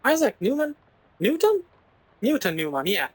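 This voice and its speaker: A woman's voice: on the high side, big pitch swings, normal speed, dry recording, rough recording. A woman voicing a folksy male handyman who tinkers with odd machines, rambling as he talks. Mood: easygoing.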